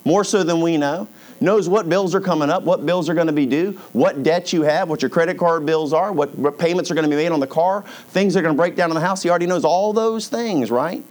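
Man preaching a conversational sermon. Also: a little high. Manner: conversational preaching, reads scripture slowly, voices God's words softly. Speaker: pastor.

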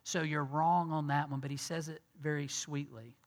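A man preaching a conversational sermon who acts out the dialogue and swings between loud and hushed delivery. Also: fairly high pitch, level tone, normal speed. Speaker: pastor. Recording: long hall reverb.

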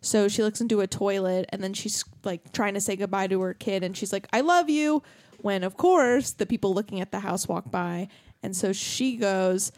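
A woman's voice: mid-range voice, little pitch movement, moderate pace, darkish tone, no room sound. Woman recounting a scene, dry sound. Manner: storytelling, recounts scenes in detail. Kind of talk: casual movie review chat.

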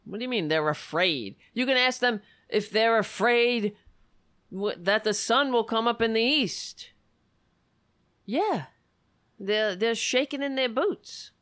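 On her livestream, a woman with a slightly high, fairly bright voice reads news articles and responds with sarcastic, swear-filled remarks, frequently cutting herself off. She speaks slowly with lively intonation, in a dry recording.

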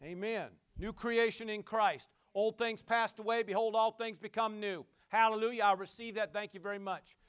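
A man preaching a sermon in a folksy, conversational way, calling to his listeners and swinging from shouts down to quiet asides. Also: fairly even intonation, moderate pace, few pauses, clear, resonant tone. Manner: emphatic call-and-response preaching, shouting at peaks, then dropping low.

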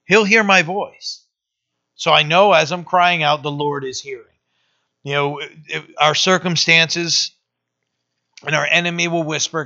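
A man preaching as a pastor in a casual verse-by-verse sermon, talking conversationally with many fillers and reading scripture slowly. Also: on the high side, pushed and bright. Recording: dull lo-fi sound.

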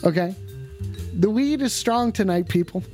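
A man's voice: high voice, expressive, a little mellow. Man streaming from home, profane, exasperated, rambling, scolds his chat, faint music behind. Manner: drawn-out emphatic lines mixed with quick asides. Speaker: livestream host taking call-ins. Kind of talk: rambling livestream talk to chat.

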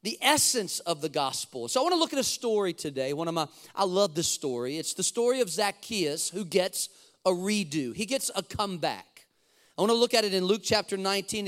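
A man with a high voice preaches to a church congregation. He presses his points with emphasis and repeats key lines. He often asks the listeners to say phrases back to him, and he slows down to read scripture. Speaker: pastor. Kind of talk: sermon. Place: church sanctuary.

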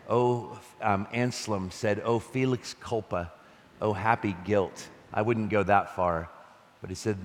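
A male pastor preaching a conversational, animated sermon, reading scripture and laughing between points. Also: fairly low pitch, big-room sound.

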